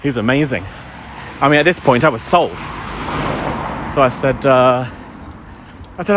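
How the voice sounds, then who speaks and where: Against a noisy background, this middle-aged English vlogger speaks a little slowly in a mid-range voice, leaving long pauses. Out walking his dog, he rants casually on a live stream, telling wry stories and imitating voices.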